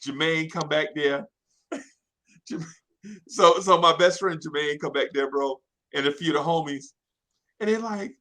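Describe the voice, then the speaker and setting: A man telling a childhood story in casual chat, animated and slangy, often laughing. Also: on the high side, unhurried, pauses often. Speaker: podcast storyteller.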